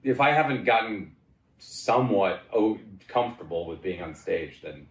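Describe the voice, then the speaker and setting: A man in his forties talks casually as a guest, circling his point with restarts and fillers. His voice sits on the low side and carries a noticeable room echo. When he quotes himself, he leaps into high, excited voices. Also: normal speed. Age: 40s. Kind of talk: casual chat.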